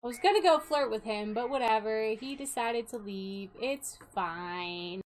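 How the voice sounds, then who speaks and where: A young woman casually commenting on a life-sim game she plays, chatty and quick to laugh. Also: a little high, expressive, rough recording. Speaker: gaming video host.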